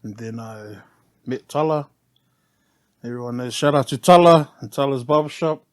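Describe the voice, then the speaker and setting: A middle-aged New Zealand man with a medium-pitched voice speaks at a moderate pace as a guest on a chat podcast. He's a relaxed, easygoing storyteller who chuckles a lot and ends phrases with "eh."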